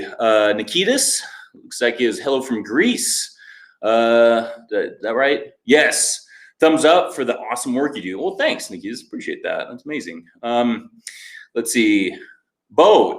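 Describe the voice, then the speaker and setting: A man's voice: medium pitch, sing-song, measured pace. A man hosting a fitness livestream, chatting casually and upbeat as he greets viewers by name and reads their comments aloud. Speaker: fitness show host. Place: home workout space. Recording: echoey room.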